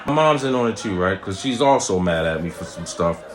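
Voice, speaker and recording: Guy telling a funny story, low-ish voice, lotta "right?" and swearing, noisy audio. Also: fairly quick, crowd noise. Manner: animated, profane, frequent "right?" and "man". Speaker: comedian, show host. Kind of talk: comic storytelling. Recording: noisy recording.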